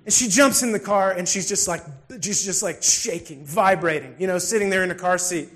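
A man's voice: high voice, brisk. A middle-aged man, preaching a sermon and telling personal stories in a conversational way. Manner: conversational preaching, swings from soft asides to loud bursts. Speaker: pastor.

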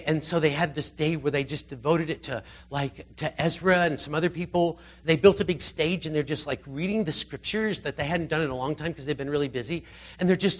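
Husky-voiced man preaching casually. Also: on the high side. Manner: conversational, animated, acts out scripture quotes. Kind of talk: informal sermon.

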